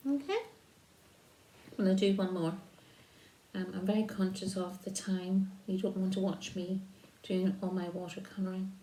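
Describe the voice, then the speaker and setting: A woman demonstrating a card-making craft, talking slowly while she paints and trailing off softly. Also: mid-range voice, fairly even intonation, a little hiss or hum. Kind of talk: crafting tutorial. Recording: roomy echo.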